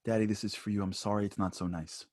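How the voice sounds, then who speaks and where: A bashful little boy stammers out a soft apology for his homemade card, quoted by a husky-voiced man telling a story. The voice stays quiet and hesitant throughout. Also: on the low side, flat delivery, fast talker, no echo, clean studio sound, close to an everyday voice. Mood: sheepish. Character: shy four-year-old boy, sheepish and apologetic.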